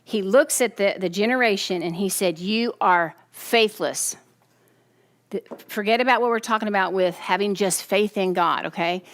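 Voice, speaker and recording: A woman preaching a sermon, animated and often checking in with her listeners. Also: medium pitch, a little fast. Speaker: teacher.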